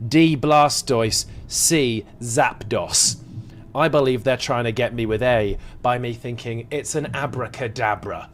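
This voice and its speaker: A young man commentating casually on a live game stream, jokey, excitable and swearing freely. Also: mid-range voice, measured pace.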